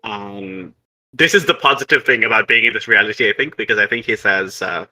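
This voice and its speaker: A man's voice: on the low side, a little fast, bright, forceful tone, poor audio. A man narrating as game master of a tabletop game in a casual way, with many ums and restarts.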